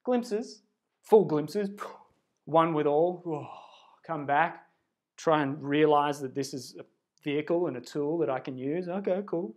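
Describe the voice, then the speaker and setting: A man giving a livestreamed spiritual pep talk into a phone camera, earnest and rambling, swinging between hushed and loud, blunt and casually profane. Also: a little high, animated, a little slow. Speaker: spiritual self-help speaker.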